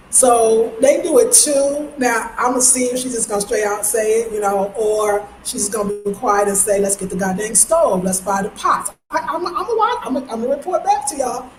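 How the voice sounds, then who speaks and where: A lively New York woman chats loosely and slangily to her vlog viewers, often breaking into squealing, high-pitched impressions of other people. Her voice is slightly high, and the echoey room carries a faint ambient hum.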